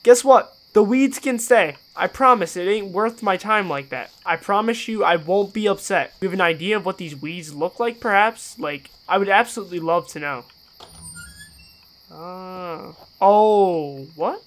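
A man giving profane, sarcastic let's-play commentary on a horror game, moving between low mutters and panicked yells. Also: measured pace. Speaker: gaming YouTuber.

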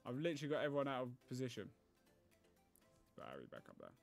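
A man's voice: mid-range voice, wildly swooping pitch, quick pace, creaky, faint music behind. A man giving live gameplay commentary as a gaming YouTuber. He thinks aloud, groans and pleads at the game.

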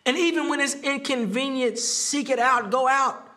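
Male pastor, very high and bright voice, lively preaching style with frequent laughter. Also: moderate pace. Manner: animated preaching with laughs and repeated phrases; acts out quoted speech with rising pitch. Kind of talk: sermon.

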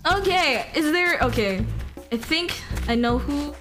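A woman's voice: high-pitched, animated, unhurried, music in the background. A young woman live-streaming a game, chatting casually, giggling, swearing and answering chat.

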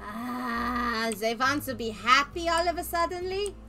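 A woman's voice: high voice, measured pace, pushed and bright, faint music behind. A young woman streaming a game, chatting casually and teasing with playful laughs and silly voices. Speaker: streamer playing a hospital game. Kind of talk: casual gaming chat.

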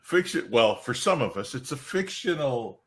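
A man's voice: mid-range voice, sing-song, normal speed. A man hosting a casual company webcast, joking and rambling with restarts. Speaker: webcast host.

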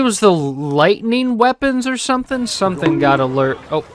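A man giving casual gameplay commentary, sarcastic and excitable, yelling and swearing at what happens on screen. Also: fairly high pitch, normal speed, few pauses. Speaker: gaming channel host. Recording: over loud game music. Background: game music.

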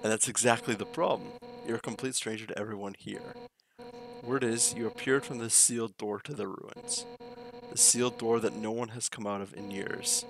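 A man's voice: lowish voice, steady tone, normal speed, noisy background, natural voice. A man reading as brash warrior fish-woman Undyne. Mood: stern. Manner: reading lines aloud, mock-stern.

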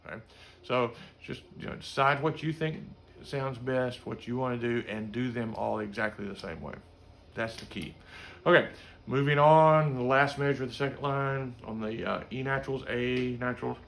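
Gravelly man teaching trombone phrasing. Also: mid-range voice, moderate pace, a bit bright. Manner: casual, sings note syllables to demonstrate. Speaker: music teacher. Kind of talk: instrument lesson.

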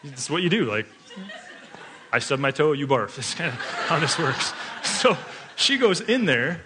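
A man's voice: fairly high pitch, sing-song, a little slow, noisy background. A male pastor giving a conversational sermon that mixes in family stories, chatty and full of fillers, often laughing as he talks.

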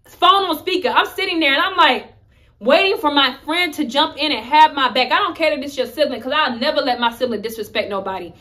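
A woman's voice: sits high, brisk, pushed and bright. A young woman vlogger telling a personal story in a candid, emphatic, conversational way. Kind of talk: story-time vlog.

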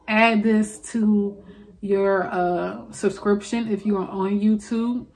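A woman's voice: medium pitch, darkish tone. Chatty New Orleans woman in her late twenties. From New Orleans, USA. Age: 20s. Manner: chatty, rambling, many fillers and restarts, addresses listeners as y'all. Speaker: podcast host. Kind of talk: casual solo confessional talk.

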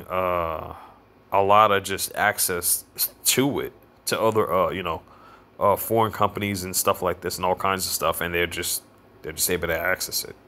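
Deep, bright-toned man reading haltingly. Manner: halting, stumbling reading with fillers. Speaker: vlogger. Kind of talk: reading an article aloud with asides.

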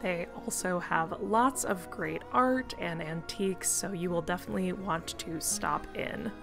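A woman of about thirty with a slightly low voice, reading a scripted travel vlog voice-over. She gushes with upbeat enthusiasm. Faint music plays underneath her narration. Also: a little slow, gravelly. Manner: upbeat and gushing. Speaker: travel vlogger.

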